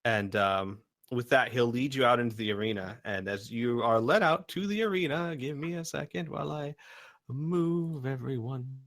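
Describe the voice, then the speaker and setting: A man's voice: medium pitch, brisk, hardly any pauses, a bit bright. A man narrating as game master in a casual tabletop game, hesitant and full of fillers.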